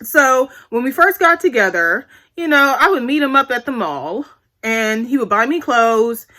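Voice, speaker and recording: A woman's voice: on the high side, animated, normal speed, bright, forceful tone. A woman in her twenties telling a candid, profane story to her viewers in a blunt, chatty vlog. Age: 20s. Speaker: vlogger.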